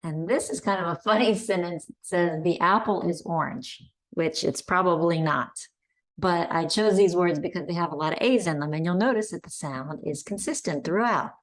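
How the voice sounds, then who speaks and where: A woman's voice: fairly low pitch, normal speed. A woman teaching Spanish pronunciation online, carefully modeling vowel sounds for learners to repeat. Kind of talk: online language lesson.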